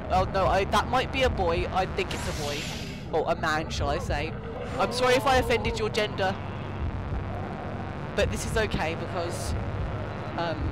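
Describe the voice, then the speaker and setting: A man's voice: high voice, noisy background. A young man giving rambling, jokey commentary while playing a game and talking back to its ghosts. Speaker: let's play gamer. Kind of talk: casual gameplay commentary.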